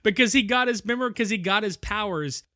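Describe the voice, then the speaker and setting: A man co-hosting a podcast, recapping a film in casual chat, animated, laughing often and swearing casually. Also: high voice, fast, no echo, clean studio sound. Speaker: podcast co-host.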